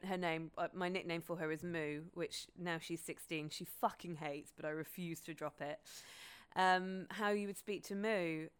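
A woman's voice: fairly low pitch, clean tone. A woman, hosting a podcast in a candid, casual, sweary monologue. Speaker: podcast host.

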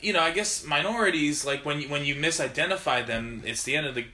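A man's voice: fairly high pitch, fast talker, pushed and bright, slight background noise. A man in casual podcast chat who rambles and keeps restarting his sentences, full of fillers.

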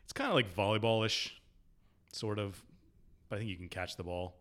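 A man's voice: on the low side, moderate pace, fairly bright tone. A young man co-hosting a casual podcast, laid-back and chuckling. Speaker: podcast co-host.

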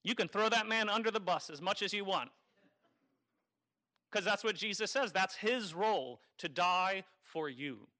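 Wry priest preaching, bright voice. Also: male voice, sits high, normal speed, pauses often. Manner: conversational and wry, teasing the congregation. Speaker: Catholic priest. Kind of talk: sermon.

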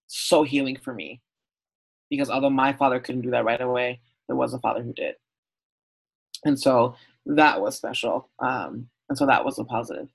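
This Southern California man, from the USA, has a mid-range, gravelly, husky voice, speaks at a moderate pace and pauses often, and the recording is rough. Guesting on a podcast interview, he shares open, heartfelt stories candidly, sprinkling in "um" and "like" a lot.

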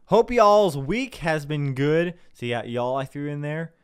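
A man's voice: fairly high pitch, a little slow, clear, resonant tone. A young man from Southern Illinois hosting a podcast in a chatty, self-deprecating monologue, full of fillers and swearing. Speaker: podcast host. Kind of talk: casual rambling monologue.

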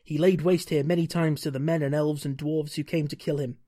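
A man's voice: a little high, fairly even intonation, brisk, mellow, lightly acted. A man reading aloud the lines of a cheerful young half-elf ranger from a gamebook, in a plain reading voice. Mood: earnest.

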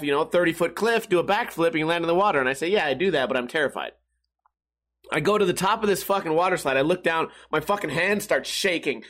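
A man's voice: on the high side, fairly bright tone. A young man telling a rambling, profane story to his viewers and often chuckling at his own jokes. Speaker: vlogger. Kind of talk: casual storytelling to camera.

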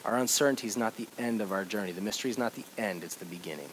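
A pastor giving a sermon, shifting from loud urging to quiet, conversational reflection. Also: male voice, on the low side, very fast, slight background noise, poor audio. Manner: swings from loud exhortation to soft reflection; conversational storytelling with fillers.

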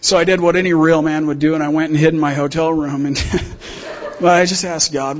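A man gives a sermon as a missionary guest speaker. He tells stories in a loose, slangy, humorous way, and his voice sits a bit high. The recording sounds dull and lo-fi. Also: fairly even intonation, fairly quick. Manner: casual, humorous storytelling with slang.

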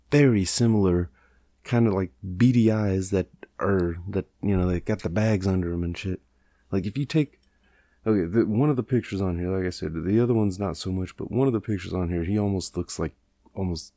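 A man's voice: lowish voice, mellow, no room sound, clean studio sound. A man hosting a podcast in casual, rambling chat, swearing freely and mocking himself. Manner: profane, rambling, self-mocking. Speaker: podcast host.

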